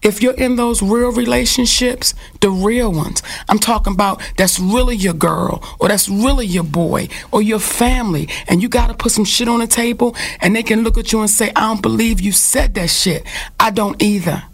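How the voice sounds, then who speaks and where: A woman's voice: medium pitch, moderate pace, gravelly. Frank, profane woman co-host, telling heartfelt stories. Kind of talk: candid casual talk.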